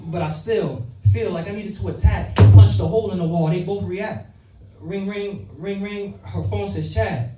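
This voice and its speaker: A young man performs spoken-word poetry in a rhythmic, rhyming delivery full of dramatic swings. His voice sits high for a man. The recording is roomy and picked up from far off, with faint ambience behind. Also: moderate pace, loud music behind the voice.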